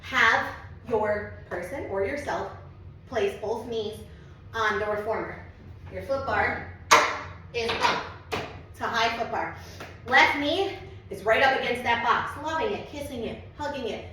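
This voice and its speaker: A woman's voice: on the high side, a bit bright, very echoey, recorded from a distance, a little hiss or hum, rough recording. A woman teaching a Pilates move at home in a chatty, casual way, out of breath and swearing now and then. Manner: chatty, swears casually, talks to her cat. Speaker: Pilates instructor. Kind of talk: casual home workout tutorial. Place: home studio with mirror.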